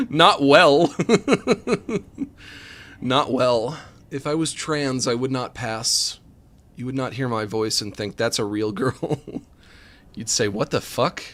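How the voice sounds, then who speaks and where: A man in the middle of his pitch range chats loosely through a co-op game. He jokes around and talks to his partner as he plays. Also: unhurried. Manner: joking, talks to his co-op partner while playing. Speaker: game streamer. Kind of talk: casual let's-play chatter.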